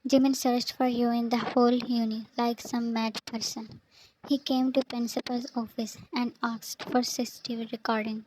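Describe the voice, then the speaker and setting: Woman narrating fanfic, high, slow, monotone. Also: noisy background. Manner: flat, even reading, speaker tags read aloud.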